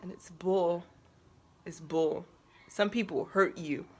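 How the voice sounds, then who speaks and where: Husky, emotional woman vlogger. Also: on the low side, darkish tone. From Baltimore area, USA. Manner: emotional, halting, shifts between laughter and tears. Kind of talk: personal confessional vlog.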